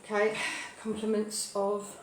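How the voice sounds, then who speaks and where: A British woman hosting a live cooking show from her kitchen, rambling cheerfully with cheeky asides and loud whoops. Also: medium pitch, completely flat delivery, unhurried, heavy background noise. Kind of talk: chatty live cooking stream. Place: home kitchen. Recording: echoey kitchen with clattering dishes.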